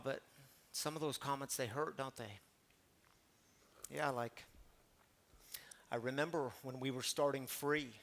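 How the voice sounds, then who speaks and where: A man's voice: mid-range voice, a bit bright. A male pastor from Missouri giving a conversational, storytelling sermon to his congregation, with asides to the listeners.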